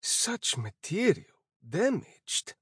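A man voicing a sly elderly hooded envoy in an audiobook, with a higher, drawn-out scheming voice. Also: very animated, breathy edge, no echo, clean studio sound, heavily acted. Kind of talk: audiobook character voice.

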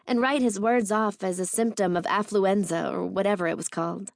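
A woman reading a first-person romance novel aloud in a measured, intimate manner. Her voice sits in the middle of the usual range. The recording is dry and close, with no room sound. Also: medium pitch, dry recording. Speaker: audiobook narrator.

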